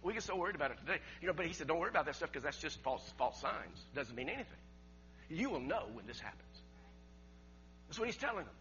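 A man preaching a sermon with emphasis, rising loud and dropping quiet in turns. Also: fairly high pitch, very animated, fast. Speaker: pastor. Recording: dull lo-fi sermon recording with faint mains hum.

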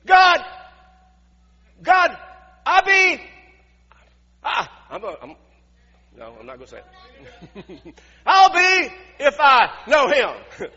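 A man voicing an impulsive male disciple who swears loyalty, using a high, loud, exaggerated pleading voice. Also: very animated, takes it slowly, long pauses, slightly rough, in a large hall, highs cut off, heavily acted. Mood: panicked denial.

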